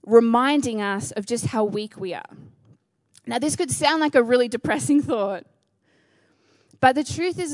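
A woman's voice: high voice, no echo. A woman preaching a sermon, earnest and conversational with playful asides.

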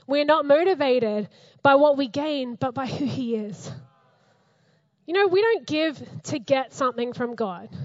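A woman with a very high voice preaches a lively, chatty sermon and laughs easily as she speaks. The sound is dry and a little dull. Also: dry recording. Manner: animated, conversational, laughs often. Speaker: pastor.

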